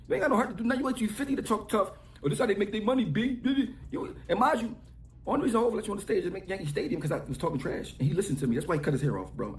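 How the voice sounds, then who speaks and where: A man's voice: sits high, roomy sound. A man ranting and taunting someone in a mocking way. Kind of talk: trash talk rant.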